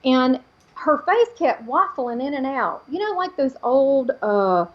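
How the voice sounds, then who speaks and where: A woman, a psychic medium guest on an interview show, telling a personal story in an animated way and acting out the voices she quotes. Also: sits high, a little slow, dull audio.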